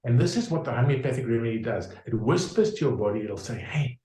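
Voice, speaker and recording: A man's voice: medium pitch, animated, quick pace, warm tone, reverberant, low-quality recording. A man explaining his homeopathic practice in an interview, using homely examples with frequent fillers and restarts. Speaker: homeopath guest.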